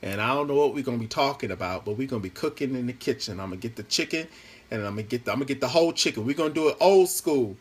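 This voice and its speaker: Racing along in a lively, slightly rough medium-pitched voice, a man hosts a Facebook Live from home on his phone. His monologue is chatty and meandering, mixing playful humor with earnest appeals.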